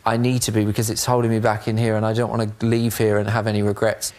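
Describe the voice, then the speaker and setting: A man's voice: lowish voice, completely flat delivery, fast talker, a little mellow. A man on a reality show talking earnestly in a casual heart-to-heart, rambling and self-reflective.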